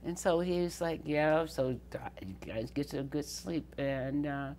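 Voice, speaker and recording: A woman's voice: low-pitched, a little slow, a little mellow, slight background noise. An older woman from the Southern United States recounting memories in an interview, laughing often and acting out the voices of people she quotes. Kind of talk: storytelling interview.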